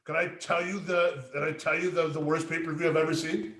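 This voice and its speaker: A man with a high voice chats casually and rambles, filling his talk with "like" and swear words. He sits back from the microphone, so his voice comes across distant. The room around him adds a noticeable echo. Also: little pitch movement, brisk, fairly bright tone. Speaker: podcast co-host. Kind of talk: casual chat. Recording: roomy echo, away from the mic.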